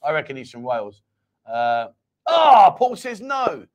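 A man's voice: mid-range voice, very animated, moderate pace. A man hosting a casual live-stream chat show, teasing his co-host and reading viewer comments aloud.

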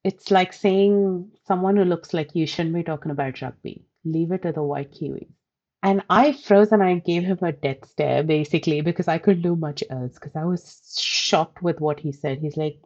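A woman from India telling personal stories in a thoughtful, reflective way, pausing and restarting as she searches for words. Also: low-pitched, darkish tone, muffled recording. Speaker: interview guest.

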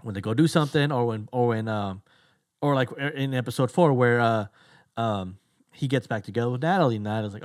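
A man co-hosting a podcast, chatting casually and loosely retelling scenes with quick voiced asides. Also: medium pitch, no room sound, studio quality. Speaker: podcast co-host. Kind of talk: casual chat.

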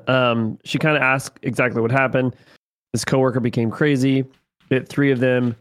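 A man co-hosting a casual podcast, retelling a TV episode and acting out its lines in an animated way. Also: mid-range voice, moderate pace. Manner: animated retelling, acts out quotes. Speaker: podcast co-host. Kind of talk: casual recap chat.

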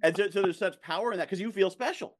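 A man hosting a podcast, chatting with his guest in a quick, animated way. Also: high-pitched. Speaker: podcast host. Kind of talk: interview conversation.

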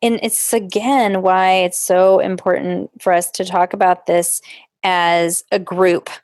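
A woman's voice: lowish voice, level tone, slow pace, a little mellow, no echo, clean studio sound. A woman co-hosting a podcast, speaking reflectively and conversationally, drawing out her stressed words. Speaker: podcast co-host.

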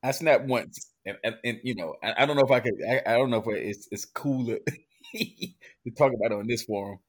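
A man with children chatting casually on a podcast, telling animated stories with many stammering restarts and laughs. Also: mid-range voice, moderate pace. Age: adult with children. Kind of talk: casual chat.

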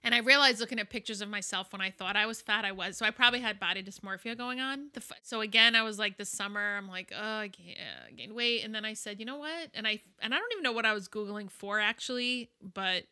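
A woman's voice: mid-range voice, expressive, fast, few pauses, pushed and bright, clean tone. A woman from Egypt in casual chat, telling a candid, profanity-laced story with laughter.

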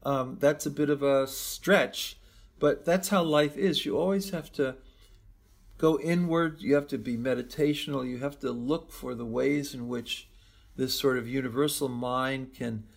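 Gravelly, husky man telling a story. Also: medium pitch, fairly even intonation, unhurried. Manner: rambling, reflective, restarts often. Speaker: guest, medical school professor. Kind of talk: storytelling interview answer.

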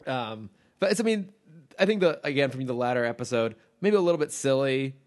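A man's voice: mid-range voice, expressive, a little fast. A man co-hosting a podcast in casual chat, talking enthusiastically and rambling with restarts and fillers. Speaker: podcast co-host.

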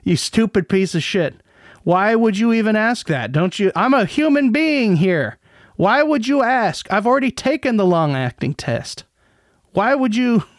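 Man doing a high, scornful, belittling guy; pitched up. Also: big pitch swings, unhurried, dry recording, clean studio sound. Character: sneering, contemptuous man mocking a questioner.

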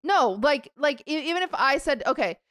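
A woman's voice: high voice, lively intonation, moderate pace, fairly bright tone, no echo, studio quality. A young woman co-hosting a podcast in casual chat, giggly and rambling, tripping over her words. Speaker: podcast co-host.

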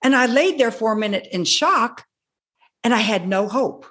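A woman in her sixties, a guest telling her personal story with animated delivery, acting out her own past words. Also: fairly high pitch, moderate pace. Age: 60s. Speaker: guest speaker.

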